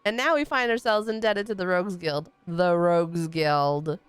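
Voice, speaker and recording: A woman reading lines as a prim, disapproving high-minded character in a game, in formal haughty speech. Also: expressive, fairly quick, a bit bright, smooth, no echo, natural voice. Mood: disdainful.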